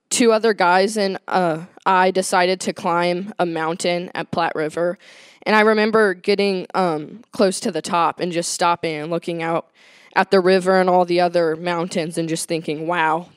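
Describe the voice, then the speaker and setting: A young woman shares a testimony about a church youth trip, her voice smooth and slightly low. She speaks hesitantly, pausing often with ums. The sound is dry and close. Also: no echo. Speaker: youth group member sharing testimony.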